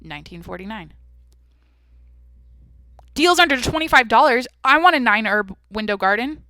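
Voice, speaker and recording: A woman's voice: on the high side, animated, moderate pace, pushed and bright, no echo, studio quality. Brash, foul-mouthed young woman host. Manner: brash, profane, blunt. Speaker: podcast host. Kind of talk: casual solo podcast chat.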